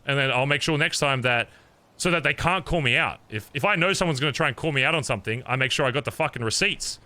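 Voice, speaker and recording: A man's voice: on the high side, fast talker, pushed and bright. A man streaming a roleplay game, talking in character as he earnestly lectures another player and swears a lot.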